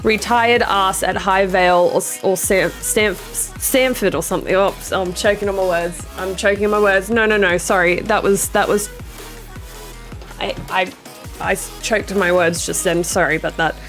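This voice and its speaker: An Australian woman streaming, chatting casually with her viewers, animated, swearing freely and laughing often. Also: medium pitch, normal speed, soft background music.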